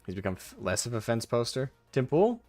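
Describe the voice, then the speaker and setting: A man's voice: mid-range voice, very animated, fairly quick, darkish tone, soft background music. A young man chatting casually on a live stream, reading and answering chat with frequent laughs and casual swearing. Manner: laughs often, self-deprecating, swears casually.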